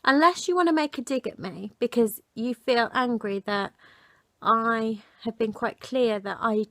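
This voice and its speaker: A woman in her thirties telling a story to camera in an indignant, animated way. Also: on the high side, measured pace, no room sound. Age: 30s. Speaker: vlogger. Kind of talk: casual talk to camera.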